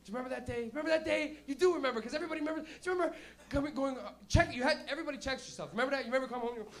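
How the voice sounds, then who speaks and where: A young man hosting a comedy night and doing stand-up, loud and animated with lots of swearing. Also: extremely high pitch, racing. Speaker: comedian and show host.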